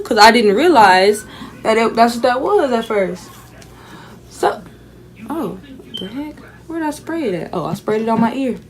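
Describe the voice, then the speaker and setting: A young woman, casually telling a swear-filled story in her vlog and acting out the people in it. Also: fairly high pitch. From Houston, Texas. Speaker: vlogger. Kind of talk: casual storytime while taking down braids.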